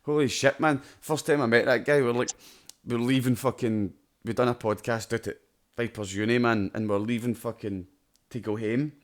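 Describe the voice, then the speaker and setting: A man's voice: mid-range voice, fairly even intonation, normal speed. A man with a Scottish accent co-hosting a podcast, telling rowdy stories and swearing freely. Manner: swears freely, loud and laughing while telling anecdotes. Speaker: podcast co-host. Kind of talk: casual chat, storytelling.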